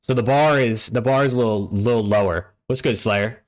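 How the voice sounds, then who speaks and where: Slightly fast and mid-range, this voice belongs to a young man from the United States running a live-stream watch party on a home desk mic. He's laid-back and profane, chatting casually, addressing chat, and reading usernames aloud.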